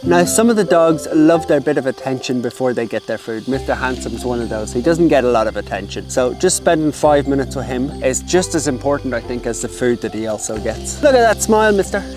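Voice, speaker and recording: A man's voice: fairly quick, few pauses. A man narrating a casual vlog outdoors while he feeds street dogs, chatty and friendly, now and then cooing at the animals. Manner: chatty, talks to the dogs in a high excited baby voice. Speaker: dog rescue volunteer feeding street dogs. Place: outdoors by a jungle road. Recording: music playing underneath.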